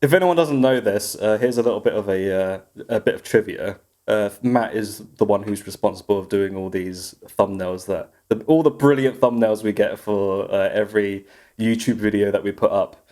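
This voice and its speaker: A man's voice: lowish voice, moderate pace, mellow. A man co-hosting a podcast in casual, teasing chat, often breaking into laughter. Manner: giggly, teasing, rambling. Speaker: podcast co-host.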